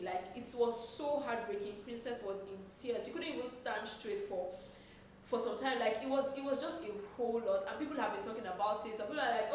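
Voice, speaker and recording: Animated woman in an echoey room. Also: a little high, fairly quick, a little hiss or hum. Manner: animated, expressive storytelling. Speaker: entertainment news presenter. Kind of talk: chatty gossip commentary. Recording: roomy echo, distant from the mic.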